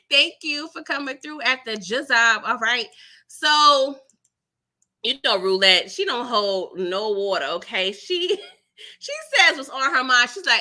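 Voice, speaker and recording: A woman hosting a casual live-stream recap, animated and chatty, who laughs often and keeps tagging her lines with "okay?" and "girl". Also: on the high side, a little slow. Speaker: TV episode recap host.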